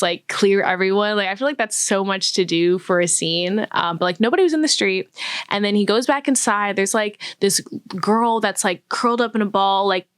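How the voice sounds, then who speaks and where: A young woman vlogger recaps a film in a loose, chatty way, filling her sentences with "like". Her voice sits at an ordinary middle pitch. The sound is close and dry with no room echo. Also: clear, resonant tone. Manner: chatty, says "like" often, acts out quotes. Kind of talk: casual chat.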